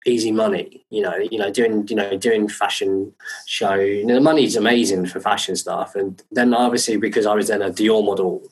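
A man's voice: fairly low pitch, steady tone, normal speed, low-quality recording. A man, a podcast guest telling rambling, sweary anecdotes with lots of fillers and "right?". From England. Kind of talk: casual anecdotal storytelling.

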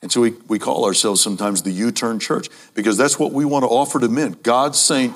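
A man preaching a sermon to a congregation, emphatic, repeating key phrases and speaking to the audience as ladies and gentlemen. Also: medium pitch, steady tone, a little fast, hardly any pauses.

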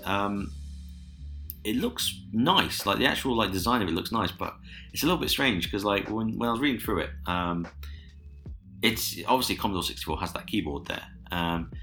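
A young man co-hosting a podcast, chatting casually and relaxed, with lots of hesitant ums. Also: deep voice. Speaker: podcast co-host. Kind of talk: casual chat.

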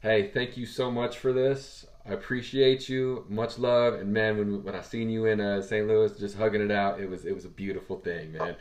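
A man hosting a casual podcast interview, friendly and quick to laugh. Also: on the low side, steady tone, a little mellow. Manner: laughs often, friendly, calls guest "man". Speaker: podcast host.

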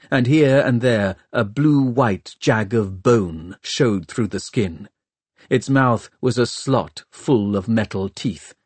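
A man narrates an audiobook at a slow, measured pace. His voice is husky and mid-pitched. The sound is dry and close to the mic. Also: darkish tone, no echo.

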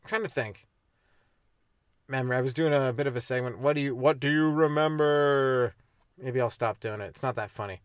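A man's voice: mid-range voice, brisk, clean tone, no room sound. Young man, from Canada, comedy podcast host, rambling solo rant, dry close sound. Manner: rambling, swears, acts out little scenes in mock voices.

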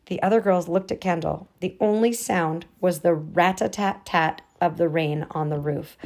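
A woman reading a children's storybook aloud to a child in a gentle, lively way. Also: lowish voice, normal speed.

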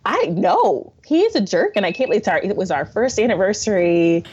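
A young adult woman, a podcast guest, telling stories in an animated way and often laughing through casual conversation. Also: medium pitch, fairly quick, over a noisy crowd. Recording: dull lo-fi sound.

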